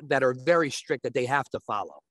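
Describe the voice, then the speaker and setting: A man as a guest on a talk show, explaining sports betting step by step and often checking with a quick "right?". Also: mid-range voice, expressive, dry recording.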